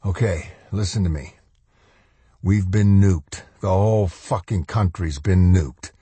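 A man voicing a wounded, hunched military man who speaks in a blunt, urgent, commanding way with a deep husky voice. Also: measured pace, warm tone, no room sound, exaggerated voice. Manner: gruff, commanding, profane.

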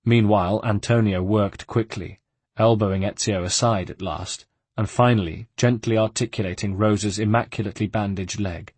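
A male narrator reads a novel aloud in a measured, steady way. His voice sits low with a husky edge. The recording is dry and close, with no room sound. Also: no room sound. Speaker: audiobook narrator. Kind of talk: scripted narration.

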